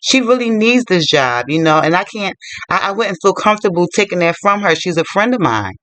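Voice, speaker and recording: A man's voice: high-pitched, very animated, fairly quick, sharp tone, dry recording, exaggerated voice. A man doing a feisty, pleading maid.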